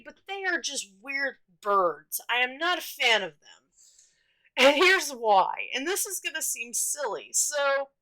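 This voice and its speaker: Over poor audio, a young woman with a high-pitched, pushed and bright voice shares childhood stories as a storytime vlogger. Her telling is casual and chatty, meandering with plenty of fillers and false starts.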